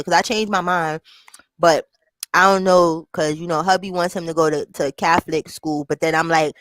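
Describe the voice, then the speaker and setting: A woman's voice: on the low side, steady tone, normal speed, fairly bright tone, no room sound. A woman talking in a loose, slangy casual chat, often checking in with her listener. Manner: slangy, keeps asking "you understand?".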